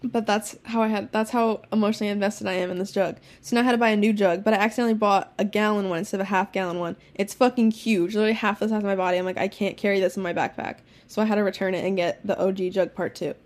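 A teenage girl chatting casually as a podcast co-host, telling stories quickly with lots of swearing and laughter. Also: mid-range voice, fairly even intonation, a little mellow. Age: teens. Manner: fast, profane storytelling with laughs. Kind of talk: casual chat.

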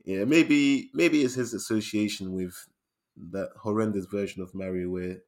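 A man's voice: lowish voice, steady tone, normal speed. A man co-hosting a casual film chat podcast, easygoing and chatty, often laughing. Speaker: podcast co-host.

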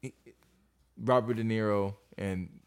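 A man co-hosting a podcast, chatting loosely with heavy swearing and animated bursts. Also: fairly low pitch, slow, clean tone. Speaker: podcast co-host. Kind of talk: casual chat.

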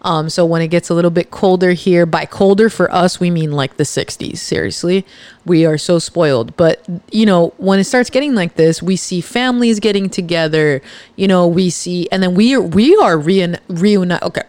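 Speaking at an ordinary pace in a lowish, somewhat mellow voice, this woman hosts a podcast and cheers on her audience in a casual, emphatic way. She's from Los Angeles, breaks into laughter and restarts her sentences, and the sound is dry.

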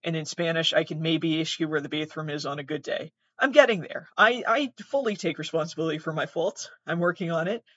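A woman's voice: deep voice, fairly quick, few pauses, a bit bright, lo-fi sound. A young adult woman hosting a podcast, telling a rambling, self-deprecating story full of swearing and restarts. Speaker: podcast host. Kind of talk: casual storytelling monologue.

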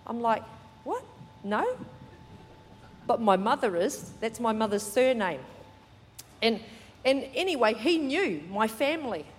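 A woman pastor preaching a sermon in a church, chatty and animated, with joking asides. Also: a little high, moderate pace, in a large hall, slight background noise. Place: large church hall.

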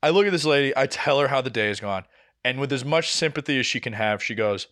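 A young man, telling a story on a podcast in casual, animated style, swearing often and acting out the people he quotes. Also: mid-range voice, quick pace. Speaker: podcast co-host.

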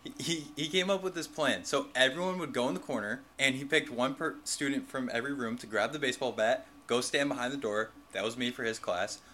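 A young man telling a story in a relaxed, casual podcast chat with friends. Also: medium pitch, brisk, hardly any pauses, slight background noise. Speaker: podcast co-host.

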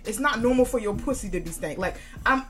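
A woman's voice: on the high side, expressive, quick pace, a bit bright, soft background music. A young woman hosting a casual solo podcast, talking bluntly with lots of swearing and frequent laughs. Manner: blunt and profane, laughs often. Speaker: podcast host.

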